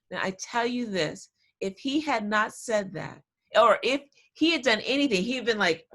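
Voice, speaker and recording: A woman tells a personal story to a class over a video call, animated and chatty, often drifting off on side notes. Her voice sits at a middle pitch, and the sound is the plain audio of a laptop call. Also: fairly quick. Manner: animated, chatty, easily sidetracked. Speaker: guest speaker.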